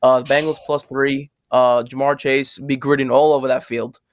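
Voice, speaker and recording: A man's voice: mid-range voice, little pitch movement, normal speed, no room sound, studio quality. A man guest on a sports podcast, making his picks in a confident, slangy, profane way. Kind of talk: casual sports betting chat.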